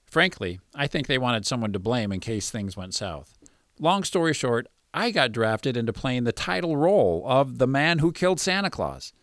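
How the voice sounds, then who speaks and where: A man hosts a podcast in a wry storytelling manner, and his pitch moves in a lively way. The recording is close and dry. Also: moderate pace, dry recording. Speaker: podcast host. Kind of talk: reflective podcast narration.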